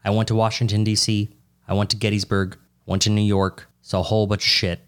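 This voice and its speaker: A man's voice: lowish voice, level tone, a little fast. A man in casual chat as a podcast co-host, swearing a lot and joking rowdily. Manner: profane, rowdy and joking.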